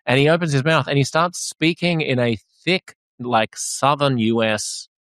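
A man's voice: medium pitch, normal speed, fairly bright tone, dry recording. A man hosting a podcast who talks in a casual, rambling way and laughs as he goes. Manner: rambling, chatty, laughs while talking. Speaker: podcast host. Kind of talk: casual conversation.

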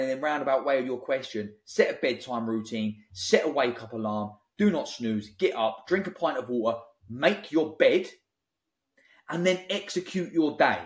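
Blunt man, echoey room. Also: medium pitch. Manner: blunt, forceful, preachy motivational talk. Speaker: app founder guest. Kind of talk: podcast interview. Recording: roomy echo.

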